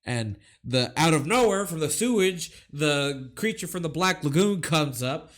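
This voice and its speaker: A man's voice: a little high, lively intonation, a little slow. A man co-hosting a casual movie review podcast, hesitant and rambling with many fillers. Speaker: podcast co-host.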